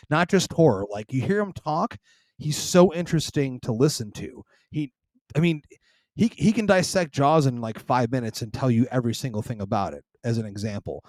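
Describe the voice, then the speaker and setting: A man in casual podcast chat, excitable and swearing, stumbling over words when worked up. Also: fairly high pitch, dry recording. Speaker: podcast host.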